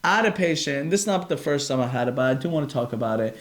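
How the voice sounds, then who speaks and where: A man's voice: medium pitch, expressive, very fast. A man, a chiropractor, hosting a casual live podcast from his phone, rambling and earnest, breaking off mid-sentence often. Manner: rambling, self-interrupting, earnest. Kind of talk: casual live-stream chat.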